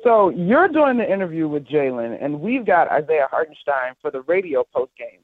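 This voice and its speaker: A woman basketball broadcaster calling in as a guest, telling stories with lively enthusiasm. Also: deep voice, normal speed, no room sound. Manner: animated, enthusiastic storyteller. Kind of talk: casual sports talk on a call. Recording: tinny phone line.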